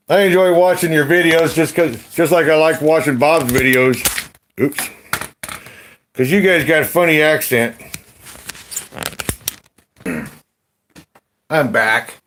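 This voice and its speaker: A man hosting a casual gold panning chat, rambling in a slow, folksy drawl with slangy grammar, laughing often while drinking beer. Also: a little high, fairly bright tone, slight background noise. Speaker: gold panning channel host.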